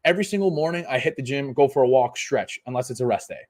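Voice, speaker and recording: A man's voice: mid-range voice, quick pace, darkish tone. A man in his twenties, a fitness coach, ranting emphatically and profanely on a live podcast. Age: 20s.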